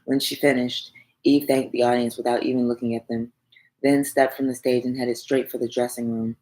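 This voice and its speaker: A woman narrating a romance novel for an audiobook, in an even, measured reading voice. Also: rumbling low, low-quality recording.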